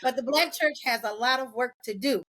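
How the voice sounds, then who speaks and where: A woman with a slightly high voice talks as a podcast guest in open, candid conversation. She is animated and laughs often, switching into the voices of the people she quotes. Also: brisk.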